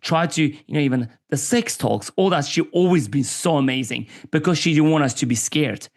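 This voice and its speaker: A man's voice: on the high side, normal speed. A man in his forties from Armenia, talking as an interview guest in a somewhat raised voice. He tells stories with animation and slips into little impressions of the people he quotes. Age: 40s. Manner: animated storyteller who acts out quoted voices. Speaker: podcast guest. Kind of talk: candid conversational interview.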